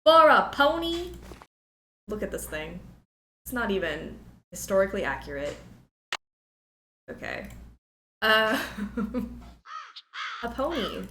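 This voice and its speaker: A young woman streams a game at a medium pitch, chatting playfully and repeating herself as she goes. It's casual gameplay commentary recorded with a roomy sound, game music playing behind her and background noise present.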